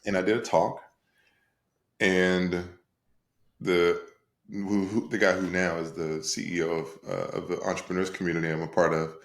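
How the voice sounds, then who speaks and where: Deep-voiced man telling his story on a call. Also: moderate pace, reverberant. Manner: repetitive, animated storyteller, laughs often. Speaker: guest, coach and speaker. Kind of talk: storytelling in an interview. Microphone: video call.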